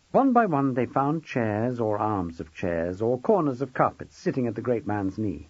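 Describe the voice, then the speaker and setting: A man narrating an audiobook with wry, expressive storytelling. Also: medium pitch, moderate pace, few pauses, breathy edge, no echo. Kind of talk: scripted narration. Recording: dull dry close recording.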